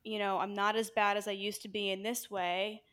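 Woman guest, nurse and yoga teacher, mid-pitched everyday voice, candid and casual, swears freely. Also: flat delivery, moderate pace, fairly bright tone. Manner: candid and frank, swears casually, talks in loose run-on phrases. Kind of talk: casual conversational interview.

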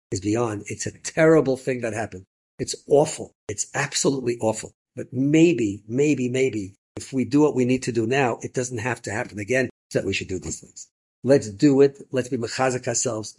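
A man, a rabbi, telling inspirational stories in an animated way, with bursts of excited emphasis. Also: mid-range voice, breathy edge. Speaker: rabbi and storyteller. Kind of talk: inspirational storytelling talk.

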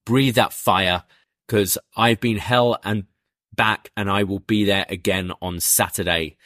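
A man's voice: fairly low pitch, steady tone, measured pace, fairly bright tone, no room sound, studio quality. A man reading out a smug male wrestler's taunts in a mocking, goading way. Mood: taunting.

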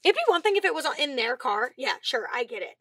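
A woman's voice: high-pitched, big pitch swings, a bit bright, no echo, studio quality. A young woman in her twenties, co-hosting a podcast, venting with lots of swearing and quoting her parents in a casual chat. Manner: swears a lot, quick and emphatic, quotes her parents. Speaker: podcast co-host.

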